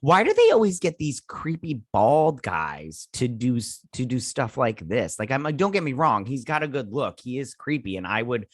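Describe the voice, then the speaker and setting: A man's voice: mid-range voice, wildly swooping pitch, normal speed, few pauses, no echo, clean studio sound. A man hosting a casual episode recap and review, rambling and joking with mock-indignant asides. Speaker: show host reviewing a TV episode.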